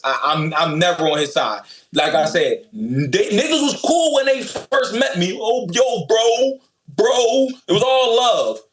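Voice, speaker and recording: A man's voice: high-pitched, fairly bright tone, roomy sound. A man calling in as a boxer guest, talking trash in a blunt, profane, emphatic way. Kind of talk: brash trash talk.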